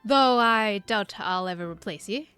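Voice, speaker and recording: A woman voicing a folksy older male summoner who speaks in a rough dialect, saying 'me' and 'ye', lower and softer than her own voice. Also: unhurried, faint music behind. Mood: gruff, fond.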